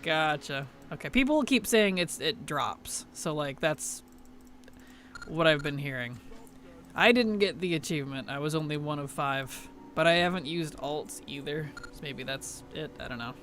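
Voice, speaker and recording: A man's voice: fairly high pitch, expressive, moderate pace, fairly bright tone. Offhand, mumbling male game streamer. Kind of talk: casual gaming chat.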